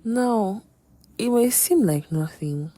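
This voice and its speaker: A woman's voice: a little high, animated, takes it slowly, warm tone, no echo. A young woman in her twenties, hosting a podcast and candidly telling a personal faith testimony with dramatic asides. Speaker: podcast host.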